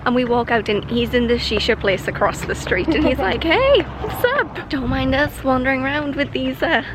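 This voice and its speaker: A young woman from the UK, chatting excitedly as a travel vlogger and giggling through her stories. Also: high voice, fairly quick, noisy background. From United Kingdom. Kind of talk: casual travel vlog chat. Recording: loud background music.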